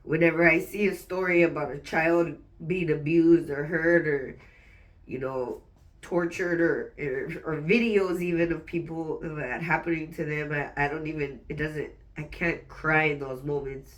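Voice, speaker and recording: Her voice is deep with fairly even intonation, recorded from a distant mic. She vents rawly in a personal vlog, struggling against tears, swearing a lot, and halting to restart mid-sentence.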